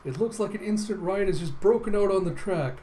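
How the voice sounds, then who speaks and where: A man hosting a casual comic readthrough, excitable and enthusiastic, laughing often. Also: high-pitched, fairly quick, slight background noise, rough recording. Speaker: host.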